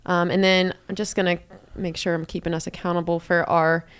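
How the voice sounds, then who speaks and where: A woman's voice: fairly low pitch, flat delivery, fairly quick, clean tone. A young woman commentating a live running race in a chatty way, with many fillers as she runs through splits and standings.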